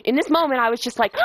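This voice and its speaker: A woman's voice: fairly high pitch, dry recording, low-quality recording. A young woman telling her own ghost story in a casual, profane way, full of laughter, from a house in the countryside. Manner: animated and profane, with frequent laughs. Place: rural house.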